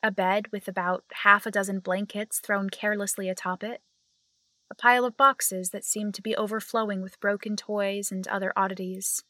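A woman's voice: medium pitch, flat delivery, normal speed, bright, forceful tone, no echo. A young woman narrating and playing the lead in an audio drama, hesitant and nervous. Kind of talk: audio drama acting and first-person narration.

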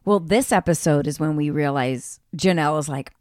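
Woman podcast co-host, animated and profane, very dry close sound. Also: low voice, moderate pace, dry recording. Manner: animated, swearing, acts out quotes. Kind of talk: casual gossip chat.

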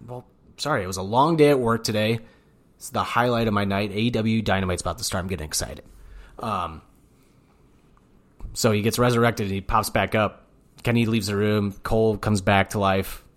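A man co-hosting a podcast in casual chat, rambling from point to point with an excitable, profane manner. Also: lowish voice, normal speed, pauses often. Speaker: podcast co-host. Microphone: studio mic.

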